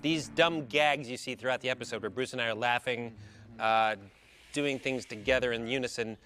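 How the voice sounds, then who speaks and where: A man's voice: mid-range voice, fairly even intonation, normal speed, sharp tone, slight background noise. A man giving a rambling, joking audio commentary, full of filler uhs. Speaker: actor giving episode commentary. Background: episode soundtrack under commentary.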